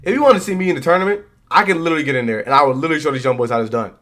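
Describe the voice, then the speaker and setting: A man's voice: a little high, racing, fairly bright tone. A young man hosting a live stream, chatting casually with his viewers about wrestling in a laid-back, slangy way. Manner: laid-back, slangy, talks straight to chat.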